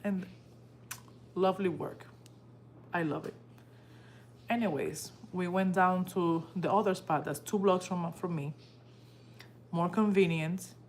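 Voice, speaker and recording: A woman tells a personal story on her live stream in a casual, heartfelt way. She acts out what others said in lively bursts. Her voice sits a bit low, with a faint steady hum in the background. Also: slow, long pauses. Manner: animated, emotional retelling that acts out quoted dialogue. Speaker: livestream host.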